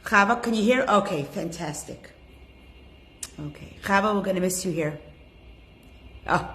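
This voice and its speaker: A woman teaching a women's class online, chatting and greeting each attendee by name. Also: on the low side. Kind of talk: casual online class talk.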